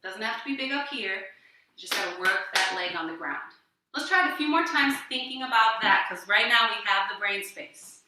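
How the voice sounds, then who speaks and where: A woman's voice: mid-range voice, animated, normal speed, far from the mic, heavy background noise. A woman teaching a livestreamed dance class, counting and scatting rhythms as she dances and talking between sets with encouragement, a little out of breath. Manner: counts and scats rhythms aloud while dancing. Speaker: dance instructor. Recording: echoey room, voice from off-mic.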